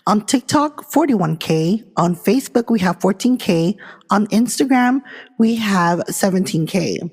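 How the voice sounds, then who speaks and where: A young woman from California hosting a casual podcast, chatty and excitable, talking straight to her listeners. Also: medium pitch, measured pace, breathy edge. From Fresno, California. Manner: chatty and excitable, many "like" fillers, addresses listeners directly. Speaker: podcast host. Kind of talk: casual podcast chat and reading history notes. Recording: long reverb, hall-like echo.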